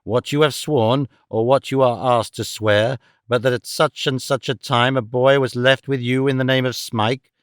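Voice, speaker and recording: A man's voice: medium pitch, fairly even intonation, clear, resonant tone, no echo, natural voice. A man voicing a cold, curt old moneylender. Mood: insistent. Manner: curt, dry and emphatic, slow measured delivery. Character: cold, domineering older male moneylender. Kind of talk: audiobook character voice.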